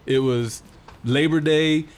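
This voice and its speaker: A young man telling a wild story in casual, profane, animated talk. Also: a little high, takes it slowly. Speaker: guest telling a travel story.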